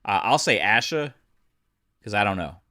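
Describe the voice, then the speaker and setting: A man's voice: fairly low pitch, lively intonation, normal speed, bright, forceful tone. A man hosting a podcast, giving casual commentary and thinking aloud as he reads the news. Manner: conversational, thinks aloud while reading news. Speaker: podcast host.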